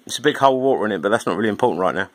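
A man's voice: lowish voice, lively intonation, rapid-fire. A man calling on the phone and needling the person who answers with sarcasm. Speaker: caller. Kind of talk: recorded phone call. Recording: noisy phone line.

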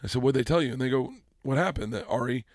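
A man in his forties, a comedian guest on a podcast, telling a story with acted-out dialogue, loud bursts of laughter and plenty of swearing. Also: medium pitch, fast talker, no echo, clean studio sound. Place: podcast studio.

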